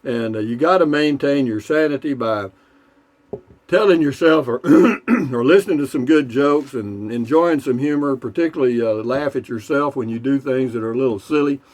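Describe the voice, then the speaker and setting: A man spins jokes at his own easy pace, wandering off into asides and "you know what I mean." His voice sits at an ordinary middle pitch, and he pauses to raise a beer and toast his viewers. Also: a little mellow. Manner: rambling, folksy, with frequent fillers and asides. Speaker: joke-telling vlogger. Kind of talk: casual joke telling.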